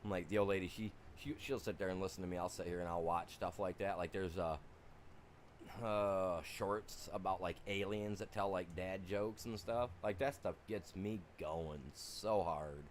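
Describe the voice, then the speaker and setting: Rambling, chuckling streamer guy, slightly low voice. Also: fairly even intonation, normal speed, a little hiss or hum. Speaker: game streamer. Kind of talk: casual chat during a livestream.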